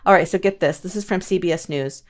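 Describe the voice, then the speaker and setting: A woman's voice: on the low side, quick pace. A woman hosting a paranormal podcast, chatting casually and making self-mocking asides to listeners. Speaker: podcast host. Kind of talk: casual podcast chat and reading news quotes.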